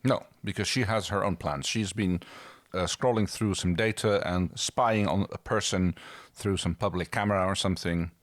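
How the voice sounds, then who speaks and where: A man's voice: low-pitched, fairly even intonation, moderate pace, hardly any pauses, no echo. A man co-hosting a podcast, recapping an episode in casual, chuckling, agreeable chat. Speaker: podcast co-host.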